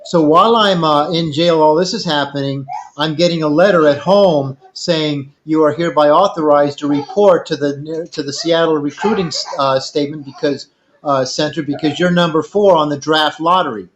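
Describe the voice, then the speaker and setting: An older man spins a long personal story in a casual chat, drifting from point to point and voicing the people in it. His voice sits a little high. The sound is dull and lo-fi. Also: moderate pace, background noise. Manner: rambling anecdotal, quotes others in dialogue. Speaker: storyteller guest.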